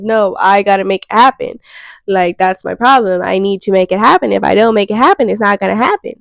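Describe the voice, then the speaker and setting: A young woman talks straight to the camera in a frank, rambling self-reflective monologue. Her voice has a gravelly edge, and it sounds dry and close with no room around it. She swears casually as she thinks out loud. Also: medium pitch, dry recording, rough recording. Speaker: vlogger.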